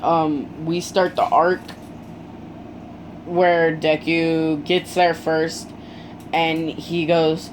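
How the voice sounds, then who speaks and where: A storyteller casually retelling a fan story, halting often with ums and restarts. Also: medium pitch, little pitch movement, a little hiss or hum, rough recording.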